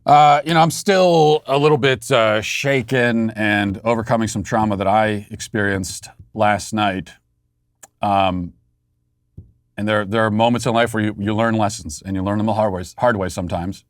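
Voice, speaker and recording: A man's voice: lowish voice, fairly even intonation, moderate pace, no echo. Sardonic man on a dry studio mic. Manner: sardonic, mock-outraged storytelling. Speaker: podcast host. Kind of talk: casual monologue.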